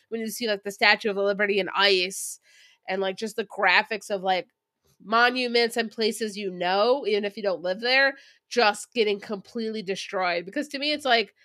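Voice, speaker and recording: Young woman podcast co-host, bright and chatty, dry close mic. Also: mid-range voice, no echo. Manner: chatty, acts out quotes in animated voices. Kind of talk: casual movie review chat.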